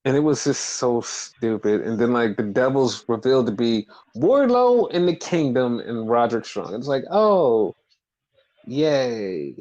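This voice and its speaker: A man's voice: medium pitch, lively intonation, normal speed, few pauses, warm tone, muffled recording. A man co-hosting a casual podcast, swearing freely and acting out quotes in mocking voices. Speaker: podcast co-host. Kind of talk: casual chat.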